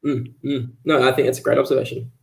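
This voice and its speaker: A man's voice: mid-range voice, level tone, fast, creaky. Chatty man, a guest on a video call. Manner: chatty, many fillers and restarts. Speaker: author guest. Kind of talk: casual livestream talk.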